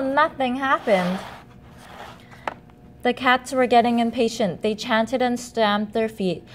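A woman reading a children's picture book aloud as storyteller, in an animated, expressive way. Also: on the high side, unhurried, slight background noise.

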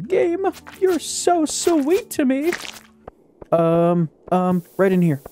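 A man giving casual let's-play commentary, excitable, talking back to the game and swearing often. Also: on the high side, a little hiss or hum. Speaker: gaming YouTuber.

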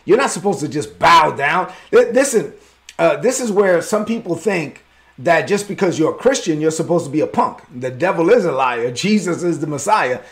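A man pastor preaching a sermon in a lively, conversational way with bits of slang. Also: on the high side, normal speed.

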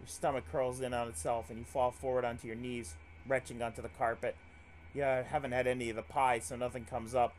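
A man's voice: mid-range voice, little pitch movement, a little fast. A man streaming a visual novel, reading the text aloud and reacting with frequent swearing. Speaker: let's play streamer.

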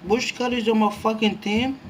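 A young man commentating his own gameplay, excitable and jumpy, swearing often. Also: high-pitched, normal speed, slight background noise. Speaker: gaming YouTuber.

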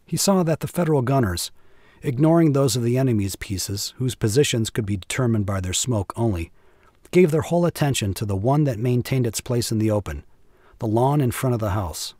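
A man reading a classic war story aloud at a measured, even pace. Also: mid-range voice, no room sound, clean studio sound. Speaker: audiobook narrator.

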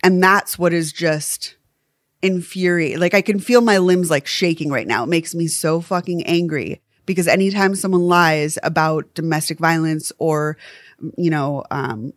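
Low-voiced woman podcast host, impassioned. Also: no echo, studio quality. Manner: impassioned, swears freely. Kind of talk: casual true crime chat.

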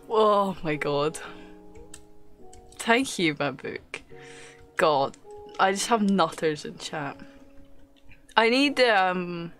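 A woman's voice: fairly low pitch, lively intonation, extremely slow, long pauses, fairly bright tone, faint music behind. A young woman streaming a game live, chatting casually, swearing often and laughing as she thanks viewers.

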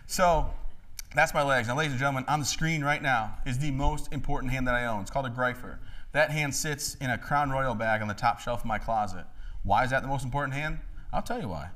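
A man in his thirties giving a joking, animated talk to a live audience in a hall. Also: mid-range voice. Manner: joking, animated, acts out voices. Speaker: motivational speaker.

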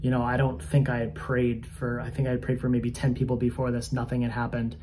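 Against a noisy background, a spiritual coaching channel host speaks in a mid-range voice that's completely flat and fairly quick. His personal faith testimony comes across as earnest, chatty and slightly self-conscious.

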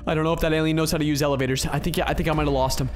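A young man with a high voice commentates his game role-play in a panicky, excitable rush. He shouts often and fills his talk with "bro" and "dude". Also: rapid-fire, faint music behind. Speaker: gaming YouTuber.

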